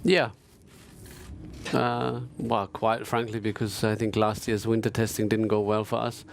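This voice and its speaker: Driver dude, gravelly low flat voice, lots of uhs, frank. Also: male voice, a little slow, slight background noise. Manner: hesitant, frank. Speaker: racing driver. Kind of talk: press conference answers.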